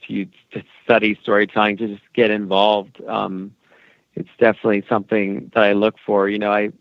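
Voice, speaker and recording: A man's voice: fairly low pitch, monotone, moderate pace, no echo, lo-fi sound. A man being interviewed as an animation producer, rambling and friendly with many fillers. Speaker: animation executive producer, guest. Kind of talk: casual podcast interview.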